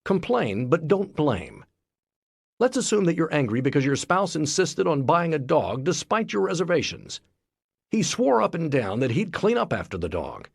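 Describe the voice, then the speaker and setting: A man reading a self-help book aloud as scripted narration, in a lively, expressive way. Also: a little high, creaky, slightly rough, no room sound, clean studio sound. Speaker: audiobook narrator.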